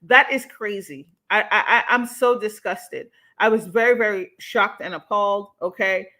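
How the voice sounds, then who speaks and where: A young adult woman hosting a casual livestream, talking in an animated, emphatic way and swearing freely. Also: mid-range voice, normal speed. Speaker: livestream host.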